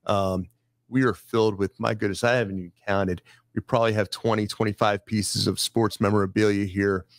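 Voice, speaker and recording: A man hosting a casual studio chat, brisk and jokey as he runs through a list of items. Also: on the low side, fairly even intonation, no echo. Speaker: host. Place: studio filled with sports memorabilia.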